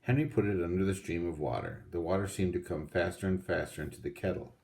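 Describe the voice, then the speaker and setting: A man reading a children's storybook aloud in a steady, unhurried way. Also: low voice, vocal fry. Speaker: audiobook reader.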